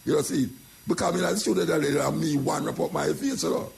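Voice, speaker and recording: A man's voice: fairly high pitch, fairly quick, gravelly, darkish tone, a little hiss or hum. An older Jamaican man talking in a casual monologue, repeating phrases as he tells his story in patois. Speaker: radio talk host.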